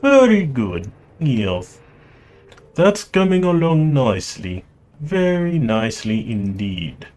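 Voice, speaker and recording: A man voicing a pleasant, cultured mechanic with a light Russian accent, polite and measured. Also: mid-range voice, sing-song, a little mellow, pitched above the performer's own voice. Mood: courteous.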